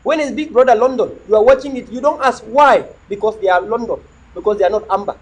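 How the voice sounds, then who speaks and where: A middle-aged man holds forth on his livestream in a very high, husky voice. He preaches and repeats himself, firing off rhetorical questions in a lively, swinging delivery. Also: poor audio. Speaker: livestream host. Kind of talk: impassioned livestream monologue.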